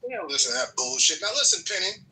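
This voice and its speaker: A man's voice: on the high side, sing-song, fast talker, bright, forceful tone. A man on a casual panel chat, earnest and prone to repeating himself, recorded distant from the mic.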